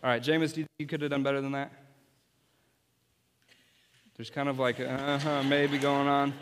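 A man's voice: mid-range voice, flat delivery, normal speed, noisy background. A man, apparently a youth pastor, giving an object-lesson sermon and playfully coaching volunteers on stage. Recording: long hall reverb.

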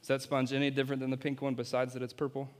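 A man's voice: medium pitch, completely flat delivery, racing. Playful man preaching in a reverberant hall. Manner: playful, coaching volunteers on stage. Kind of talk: object-lesson sermon with volunteers.

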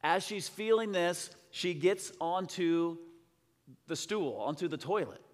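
A man preaching a sermon, telling a story in an excitable, rambling way with many restarts. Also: high voice, unhurried. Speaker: pastor. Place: church sanctuary. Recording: long church hall reverb.

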